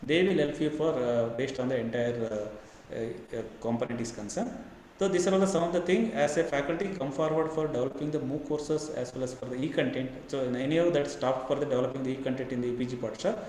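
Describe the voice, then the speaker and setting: A man with an Indian English accent lectures over a webinar, pressing ahead at a quick clip and filling gaps with "uh" and repeated "then again". His voice bounces around a very reverberant room, with a faint hiss underneath. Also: medium pitch, darkish tone. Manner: rapid, halting delivery with many fillers and repeated "then again". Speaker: university professor giving a webinar lecture. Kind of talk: online lecture. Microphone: webinar computer mic.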